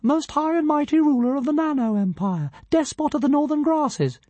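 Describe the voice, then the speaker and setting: A woman voicing a tiny, arrogant male dragon who thinks he is a god, with a squeaky, grand and scornful voice. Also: expressive, normal speed, warm tone, no room sound. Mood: pompous. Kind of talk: audiobook character voice.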